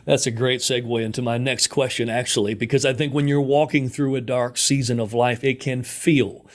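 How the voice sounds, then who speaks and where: A man's voice: mid-range voice, little pitch movement, a little fast. A man hosting a podcast interview, answering his guest with frequent church-style affirmations. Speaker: podcast host.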